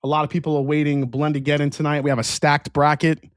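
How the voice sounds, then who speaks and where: A man's voice: on the high side, level tone, fast, no room sound, studio quality. A man hosting a whiskey review livestream in a casual, rambling way, often restarting sentences and answering chat.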